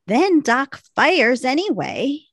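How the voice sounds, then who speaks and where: Woman, podcast co-host, casual episode recap, gravelly voice, dry close sound. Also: sits high, dry recording. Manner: quick, animated retelling.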